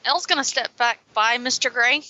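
A woman's voice: a little high, fairly quick, pushed and bright. A woman playing a tabletop game, chatty and laughing easily. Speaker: player. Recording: dull lo-fi recording.

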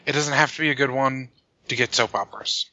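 A man's voice: medium pitch, fast, sharp tone, dry recording. A man playing a tabletop game in a playful, drawling way, laughing often, on a dull lo-fi recording. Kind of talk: casual tabletop game chat with put-on Southern voice.

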